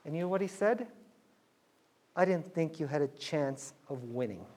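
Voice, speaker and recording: A man's voice: a little high, moderate pace, darkish tone. A middle-aged man telling a business story to students, acting out the dialogue in quoted voices.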